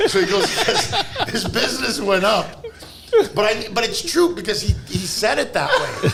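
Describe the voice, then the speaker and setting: A man, a guest comedian on a podcast, telling animated comedy stories, laughing through them and shouting exaggerated impressions. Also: high voice, quick pace, vocal fry, heavy background noise. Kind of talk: storytelling comedy anecdotes. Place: podcast studio.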